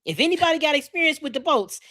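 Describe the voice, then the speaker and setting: Brash, profane woman co-host, high and bright, very animated delivery. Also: fast. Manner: brash, profane, repeats herself. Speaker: podcast co-host. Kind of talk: loud comedic rant.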